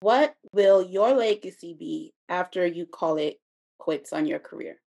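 Sassy female co-host, gravelly voice, casual podcast chat. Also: on the low side, lively intonation, a little slow, dark tone.

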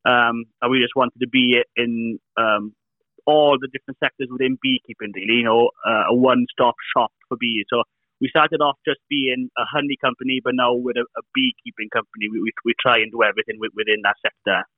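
A man's voice: mid-range voice, steady tone, no echo. Man on a tinny line. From Wales. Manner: explanatory, halting with many restarts. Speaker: guest, beekeeping business owner. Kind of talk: casual interview talk. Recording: dry, tinny phone-like line.

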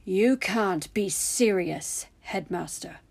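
A woman's voice: medium pitch, expressive, normal speed, a little mellow, breathy edge, dry recording. A woman voicing a bitter, short-tempered male teacher who speaks in curt, snapping remarks in a storybook reading. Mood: angry. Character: bitter male potions teacher, sharp-tongued, quick to anger.

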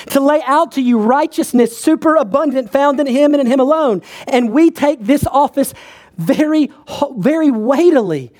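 A man preaching a sermon as a pastor, earnest and measured, building emphasis on repeated phrases. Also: high-pitched, darkish tone.

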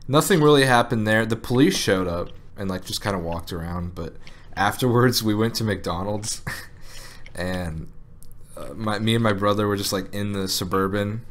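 A man's voice: on the low side, moderate pace, a little hiss or hum. A man co-hosting a podcast, telling a story in casual chat, laughing often and saying "like" a lot. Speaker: podcast co-host.

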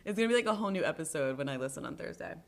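Young woman, podcast co-host, casual rambling chat, slightly low voice. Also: rapid-fire, creaky. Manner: relaxed, rambling, lots of fillers.

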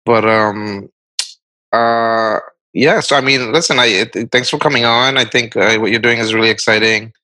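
A man's voice: mid-range voice, fairly even intonation, moderate pace, bright, forceful tone, dry recording, low-quality recording. A man hosting a podcast, chatting casually and thinking aloud in a friendly, easygoing way. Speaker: podcast host. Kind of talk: casual conversational interview.

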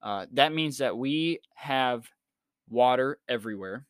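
A man's voice: medium pitch, expressive, unhurried, smooth, dry recording, studio quality. A young man hosting a casual solo podcast, rambling through everyday stories in a laid-back way and chuckling as he goes. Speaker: podcast host.

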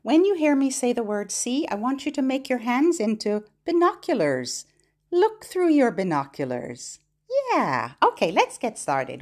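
A woman's voice: fairly high pitch, sing-song, measured pace. A woman hosting a phonics lesson for toddlers, talking in a playful, exaggerated sing-song way. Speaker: preschool phonics host.

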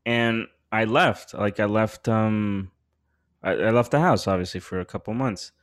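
A man's voice: fairly low pitch, fairly even intonation, a little slow, clean tone. A man hosting a podcast, telling a story in a rambling casual chat full of slang and swearing, his voice rising when he gets worked up. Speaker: podcast host.

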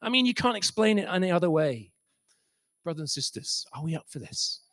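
A man preaching a sermon, telling stories with passion and swinging from soft to loud. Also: fairly high pitch, sing-song, brisk, no echo. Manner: impassioned, swings from soft to loud, acts out quoted voices. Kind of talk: sermon storytelling.

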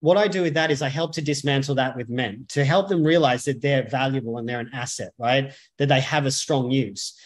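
A man's voice: mid-range voice, fairly quick, few pauses. A man, speaking as a men's coach and podcast guest, talking bluntly and emphatically with frequent swearing. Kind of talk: podcast interview conversation.

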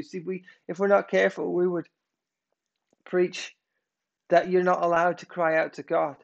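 A man preaching a sermon, emphatic, swinging between loud declarations and hushed, slowed passages. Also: sits high, flat delivery, creaky, dull audio.

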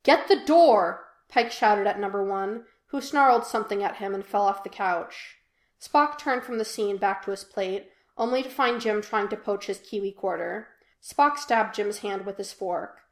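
Woman reader, fan fiction audiobook, unhurried storytelling, roomy echo. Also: medium pitch, vocal fry. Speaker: podfic reader. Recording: echoey room.

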